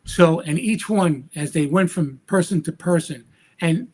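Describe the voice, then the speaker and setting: A man's voice: fairly high pitch, a little slow, a little hiss or hum. A man, a magician guest on a podcast, telling a story with energy and acting out the voices of the people in it. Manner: acts out quoted dialogue with lively voice shifts. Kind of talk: animated anecdotal storytelling.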